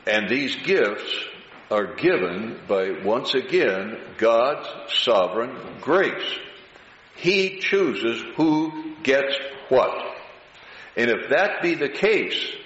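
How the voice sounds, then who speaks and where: A man preaching a sermon slowly and deliberately, drawing out words for emphasis. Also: mid-range voice, very animated, fairly bright tone. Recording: roomy, dull hall recording with faint hiss.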